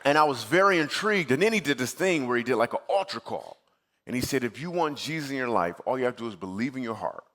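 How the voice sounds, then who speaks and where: A man's voice: medium pitch, lively intonation, quick pace, fairly bright tone. A man from Michigan, a comedian as guest speaker, telling a personal story in a comedic sermon and acting out his own replies in a conversational way. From Michigan, USA. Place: church stage before a live audience.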